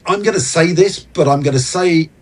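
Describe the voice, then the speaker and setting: A man guesting on an interview, explaining business ideas in an earnest, animated way. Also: a little high, fairly quick. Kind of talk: casual interview talk.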